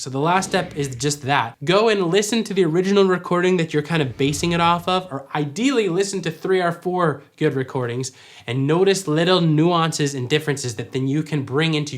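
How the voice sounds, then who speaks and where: A man teaching worship vocals, explaining clearly and singing short examples. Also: on the high side. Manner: clear, instructive, demonstrates by singing. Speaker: vocal coach. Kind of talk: vocal tutorial with sung examples.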